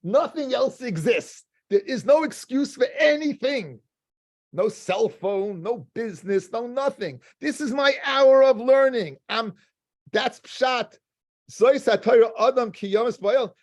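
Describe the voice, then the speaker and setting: A man voicing a devoted shopkeeper who speaks with slow, emphatic fervor. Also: very high-pitched, lively intonation, pitched above the performer's own voice, heavily acted. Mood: fervent. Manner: slow, emphatic, rising declarations. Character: devoted shopkeeper man, fervent about learning.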